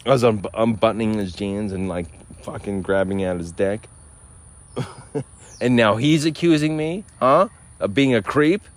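A man's voice: lowish voice, unhurried, lightly acted. A man outdoors putting on a crude, mocking impression of a smug, defensive middle-aged male actor. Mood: mocking indignant.

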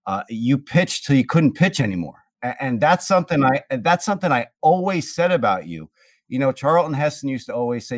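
A man's voice: mid-range voice, sing-song, a little fast, dry recording, studio quality. A man hosting a casual interview, joking and enthusiastic as he asks his questions. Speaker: host.

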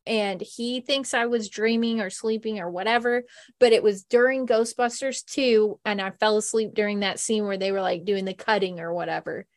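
A woman's voice: medium pitch, steady tone, normal speed. A woman hosting a podcast, telling stories in a chatty, casual way with frequent laughs. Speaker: podcast host. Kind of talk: casual chat.

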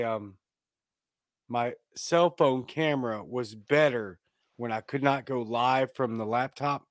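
A man from Louisiana chats as co-host on an online talk show, rambling at an easy pace. He speaks at a middle pitch into his laptop. The sound is dry and close. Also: no echo. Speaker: podcast co-host. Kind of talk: casual chat. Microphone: laptop webcam.

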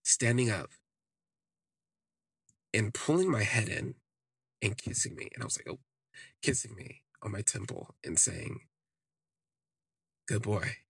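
A man's voice: lowish voice, very animated, measured pace, creaky, long pauses, a bit bright, slightly rough, no echo. A man hosting a podcast, telling a personal story in a candid, rambling way, full of "like" fillers. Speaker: podcast host. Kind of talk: casual first-person storytelling.

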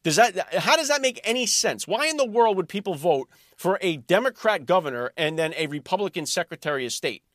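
Male show host with a high, animated voice; forceful, combative monologue delivery with repeated words. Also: fairly quick, hardly any pauses, no room sound, studio quality. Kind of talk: political commentary monologue.

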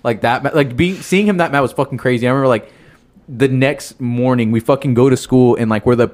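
A young man talks quickly and loosely, swearing freely as he tells a story from his school days. He jumps into quoted voices of the people in his tale. His voice sits at a middle pitch. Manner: storytelling, profane, animated quoting of others. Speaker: podcast co-host. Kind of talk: casual chat. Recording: audio-only podcast.

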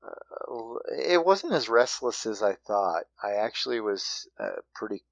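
A man with a very low voice tells a story in a loose, halting way, often restarting his sentences. The sound is close and dry, with no room around it. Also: very animated, creaky, dry recording, rough recording. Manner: halting, with frequent restarts and fillers. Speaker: hunting guest telling a story. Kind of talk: casual storytelling.

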